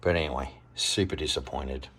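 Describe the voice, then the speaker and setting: A man's voice: very deep voice, brisk, fairly bright tone, a little hiss or hum. An Australian man ranting casually in a car vlog, frustrated and swearing freely between jokes. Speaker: car vlogger.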